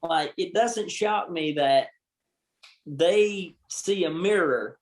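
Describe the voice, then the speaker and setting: A man's voice: fairly high pitch, slow. A man from Georgia with a Southern accent, telling stories candidly as a guest in a casual podcast interview. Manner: candid, animated storyteller.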